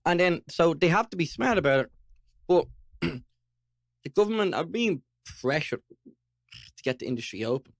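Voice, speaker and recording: An Irish man co-hosting a podcast, talking in an animated, ranting way while chewing toffee. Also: fairly high pitch, moderate pace, gravelly, pauses often, dry recording, clean studio sound. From Ireland. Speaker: podcast co-host. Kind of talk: casual chat.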